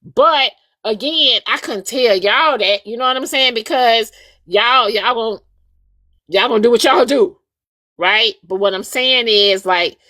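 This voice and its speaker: A woman's voice: on the high side, a little slow, no room sound, studio quality. A woman hosting a livestream, talking casually and emphatically to her viewers and repeating her points. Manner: animated, repetitive, emphatic addressing of viewers. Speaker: livestream host.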